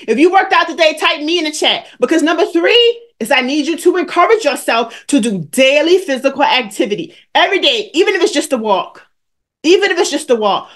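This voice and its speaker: Hosting a live stream, a woman aged 40 or older coaches viewers on weight loss in a high-pitched, fairly bright voice. She is emphatic and preachy, driving her points home through repetition and naming people in the chat.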